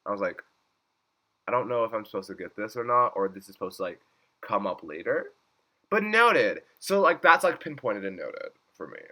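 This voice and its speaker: An excitable man in casual recap mode, his voice bright and cutting. He swears freely, laughs often and jumps up high when something delights him. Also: moderate pace. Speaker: YouTube reviewer.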